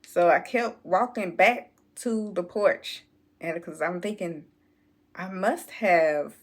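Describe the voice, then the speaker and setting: A woman telling a childhood story to her viewers in a relaxed, drawn-out way. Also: on the low side. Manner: slow, drawn-out storytelling, addresses viewers as y'all. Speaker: channel host. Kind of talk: casual storytelling vlog.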